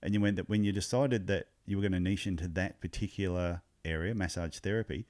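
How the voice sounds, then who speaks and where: A man's voice: deep voice, fairly even intonation, fast talker, a little mellow. Upbeat Australian man hosting a podcast. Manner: upbeat, chatty intros. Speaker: podcast host. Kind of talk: casual podcast interview.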